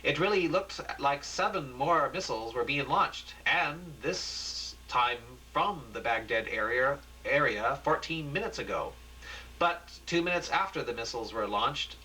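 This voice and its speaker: A man voicing a frantic male TV field reporter, breathless and rising to near-shouting. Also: mid-range voice, expressive, normal speed, a little hiss or hum, pitched above the performer's own voice, low-quality recording. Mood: reporting.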